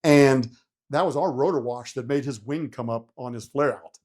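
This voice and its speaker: A middle-aged retired helicopter pilot speaks at a moderate pace, his medium-pitched voice carrying a darkish tone. During a casual interview he recounts a story, acting out his panicked reactions with plenty of swearing.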